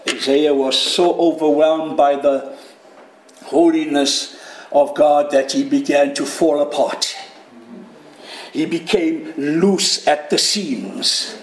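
A man preaching a sermon with dramatic swings, dropping low and then rising to shouted peaks. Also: slow. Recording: echoey room.

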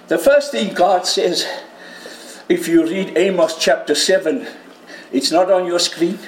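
Male preacher, high voice, unhurried delivery, bursts of loud emotion, echoey church hall. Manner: animated, cries out quoted prayers loudly; jokes with the congregation and home viewers. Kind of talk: sermon. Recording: roomy hall with faint ambience.

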